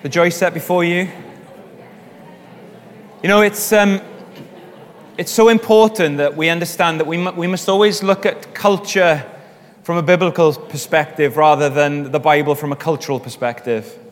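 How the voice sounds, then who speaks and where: A man's voice: fairly high pitch, fairly even intonation. Man leading a church group, reverberant hall. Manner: chatty and encouraging, with quick asides. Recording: long reverb in a large hall.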